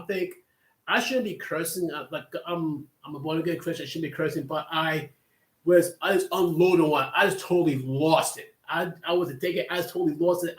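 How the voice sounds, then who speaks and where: A man hosting a livestream, telling a long casual story that rambles with many restarts and asides. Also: sits high. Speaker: livestream host. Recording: echoey room.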